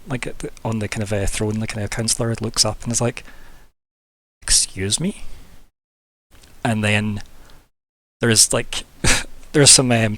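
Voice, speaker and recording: A man's voice: medium pitch, fairly bright tone, no room sound. A man, narrating a tabletop fantasy game as game master, in a casual, rambling way with many fillers.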